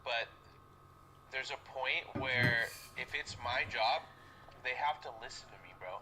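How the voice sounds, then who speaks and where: A man's voice: mid-range voice, a little slow, background noise. A young man in casual chat, telling a long work story in a rambling, profane way with many fillers. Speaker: friend on a call with the streamer.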